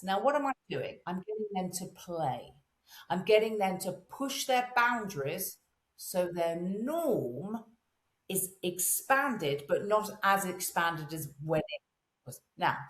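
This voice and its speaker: A woman, a voice and presence coach, chatting as an interview guest and telling animated stories in which she acts out the voices of the people she quotes. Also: medium pitch, roomy sound. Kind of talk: casual interview chat.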